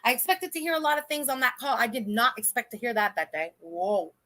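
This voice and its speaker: Woman in her 30s, livestream host, high and bright, blunt and foul-mouthed, rambling. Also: a little fast. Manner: blunt, profane and indignant, rambling with restarts. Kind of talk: casual livestream commentary.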